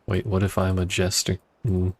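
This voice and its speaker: A man's voice: low voice, completely flat delivery, normal speed. A man streaming a video game, talking casually with wry grumbling and swearing. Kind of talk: casual gameplay commentary.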